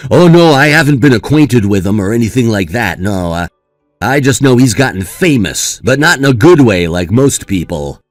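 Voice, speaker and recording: A man's voice: mid-range voice, expressive, normal speed, no room sound, faint music behind, close to an everyday voice. A man playing a young brother who comforts his sister in a reassuring, sympathetic way. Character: caring young brother, supportive and indignant.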